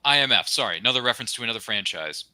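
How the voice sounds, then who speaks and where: A young man co-hosting a casual fan podcast, gushing with enthusiasm and tossing in quick asides and pop-culture jokes. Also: medium pitch, lively intonation, sharp tone, no echo. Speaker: podcast co-host.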